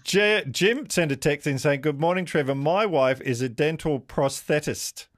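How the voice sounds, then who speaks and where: A man's voice: a little high, moderate pace, dry recording. Chatty male radio host, dry studio. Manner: relaxed, chatty. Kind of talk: radio talk show hosting. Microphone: studio microphone.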